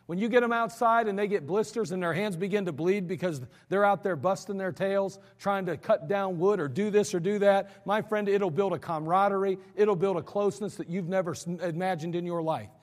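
An American man preaching a sermon in a church sanctuary, folksy and emphatic as he tells stories from the pulpit. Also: high-pitched. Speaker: pastor. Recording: church hall reverb.

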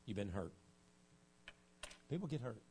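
A man preaching a revival sermon in a church, telling family stories in a folksy way and moving from quiet, low remarks to loud outbursts. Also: sing-song, unhurried, a little hiss or hum. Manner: storytelling, swings from hushed to shouting. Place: church sanctuary.

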